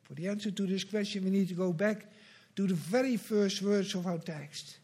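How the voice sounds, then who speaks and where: A pastor preaching a sermon, earnest and measured, with slow emphatic repetitions. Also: male voice, high voice, darkish tone.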